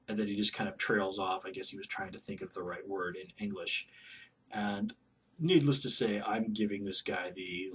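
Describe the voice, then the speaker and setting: A man telling a personal story in a casual, halting way, with many fillers and restarts. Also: sits low, sharp tone, distant mic, slight background noise. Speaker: vlogger.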